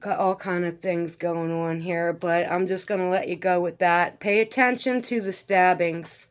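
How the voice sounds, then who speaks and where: Lady vlogger rambling about hidden symbols in videos, kinda low voice. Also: steady tone, normal speed, smooth. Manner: rambling, conspiratorial, swears casually. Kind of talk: casual commentary over a video.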